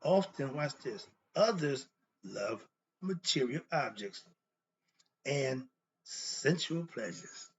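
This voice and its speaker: Speaking slowly with a breathy edge, a medium-pitched, animated man lectures informally on philosophy as a teacher, asking blunt rhetorical questions and then answering them. His delivery is emphatic and conversational, and the lo-fi audio is dull with a little background noise.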